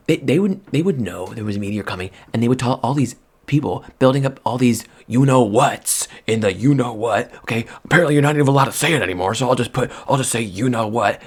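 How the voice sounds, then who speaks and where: A man rambling in soft-spoken ASMR chat at a close microphone, drifting from hushed murmurs to excited outbursts. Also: medium pitch, slightly rough. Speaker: vlogger.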